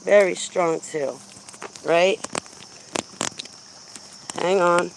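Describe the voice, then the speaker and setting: Gravelly-voiced woman chatting outdoors. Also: low-pitched, a little slow, pauses often, background noise. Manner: blunt, chatty storytelling with frequent laughs. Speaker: vlogger. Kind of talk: casual rambling chat. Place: outdoors walking a dog.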